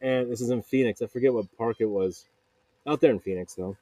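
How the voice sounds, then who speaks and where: A man's voice: medium pitch, brisk, warm tone, no room sound. Rambling man in a dry home booth. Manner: digressive, self-mocking, quotes people in put-on voices. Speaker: podcast host. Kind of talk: rambling solo podcast monologue. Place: makeshift home vocal booth.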